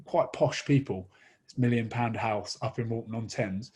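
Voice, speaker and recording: An Englishman in his thirties, a rugby player, telling a long funny anecdote in casual chat, animated and quick to laugh. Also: medium pitch, husky.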